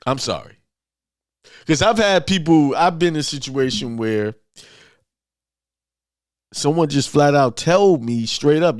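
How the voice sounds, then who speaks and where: Man, informal sermon, blunt and repetitive, very lively pitch. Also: a little slow, long pauses, no echo, studio quality. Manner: emphatic, repetitive, talks straight and blunt. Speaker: spiritual speaker.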